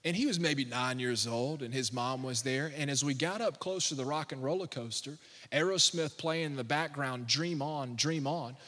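A man's voice: medium pitch, normal speed, a bit bright, long reverb tail. A man in his thirties, a pastor preaching a sermon in a church, mixing humorous storytelling with fervent declarations. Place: church sanctuary.

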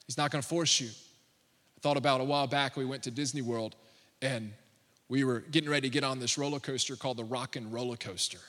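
A man's voice: medium pitch, steady tone, a little fast, fairly bright tone, in a large hall. A man in his thirties, a pastor preaching a sermon in a church, mixing humorous storytelling with fervent declarations. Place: church sanctuary.

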